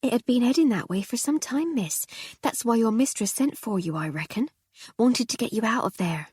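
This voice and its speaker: A woman's voice: fairly high pitch, lively intonation, normal speed, darkish tone, husky, pitched above the performer's own voice. A woman voicing a young, plain-spoken working-class housemaid with a chatty, colloquial manner. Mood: confiding.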